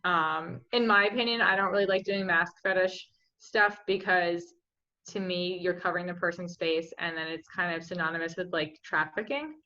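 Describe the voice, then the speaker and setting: Young female guest, bright chatty delivery, muffled remote audio. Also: fairly low pitch, moderate pace. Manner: chatty, filler-heavy with frequent likes. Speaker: interview guest. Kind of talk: casual interview chat. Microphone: remote home mic.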